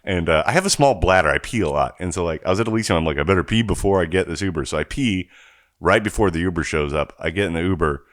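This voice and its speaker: Low-voiced man telling a candid story. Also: fast talker, dry recording, clean studio sound. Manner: animated storyteller who acts out quoted people and laughs between lines. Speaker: podcast co-host. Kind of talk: casual chat, storytelling.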